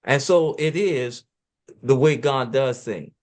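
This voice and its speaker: A man of middle pitch talks through scripture like a preacher in conversation. He quotes verses and then drives his points home with emphatic rises and drops, sometimes rushing ahead quickly. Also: darkish tone. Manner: talks fast at times.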